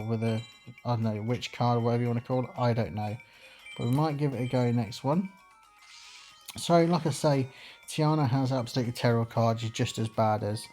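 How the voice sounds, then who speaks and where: A man's voice: mid-range voice, darkish tone. A man hosting a let's play, talking through his moves in a rambling, chatty way with many fillers. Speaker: gaming channel host.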